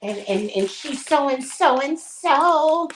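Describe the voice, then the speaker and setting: A woman imitating a spiteful rival who chants slowly into a candle flame. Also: sits high, lively intonation, echoey room, background noise, voice pushed up. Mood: mocking. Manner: slow, mocking chant.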